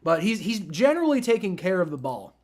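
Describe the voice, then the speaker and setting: A man's voice: high voice, sing-song, fairly quick. A man hosting a live football reaction stream, talking casually and rambling, with frequent restarts and swearing. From family from the American South. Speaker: livestream host.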